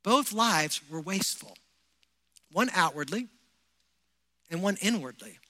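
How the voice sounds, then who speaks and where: A male pastor preaching with a very high, bright, forceful voice. He presses his points with rhetorical questions to the congregation. His voice rings out in a church hall with a long reverb. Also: animated, measured pace. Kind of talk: sermon.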